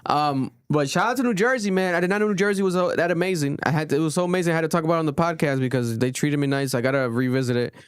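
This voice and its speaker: A young man hosting a podcast in casual, rambling chat, swearing often and getting animated. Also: a little high, rapid-fire, few pauses, smooth, no room sound, clean studio sound. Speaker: podcast host. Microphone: studio podcast mic.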